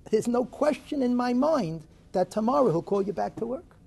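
A man voicing a shrewd fired worker who reassures his friend, in a gravelly voice within a lecture parable. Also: extremely high pitch, lively intonation, moderate pace, darkish tone, voice pushed up, full character voice. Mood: reassuring. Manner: reassuring, explaining.

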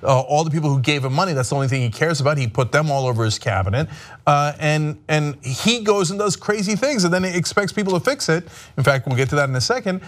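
A man's voice: on the high side, expressive, fast talker. A man hosting a sarcastic political commentary show, talking animatedly and mocking his subjects.

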